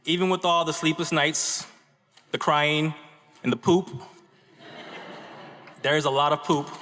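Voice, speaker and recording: A graduate student from Michigan stands at a podium for a convocation speech, his voice fairly high and sharp. He earnestly relates a story, sprinkling in "right?" asides for the audience, and the big auditorium gives the recording an echoey reverb.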